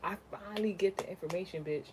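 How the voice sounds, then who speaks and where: A young woman, a content creator, tells a personal story in a casual vlog, ranting and cursing, dropping to low mutters and then rising to loud, animated outbursts. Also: fast, a little hiss or hum, poor audio.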